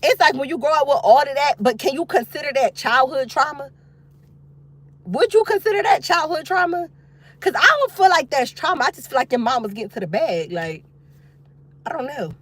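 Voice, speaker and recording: A woman vlogger chatting casually with her viewers from outside a youth football practice. She is expressive and loose, with frequent laughter. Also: sits high, brisk, no echo. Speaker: single mom vlogger talking to viewers. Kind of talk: casual chat.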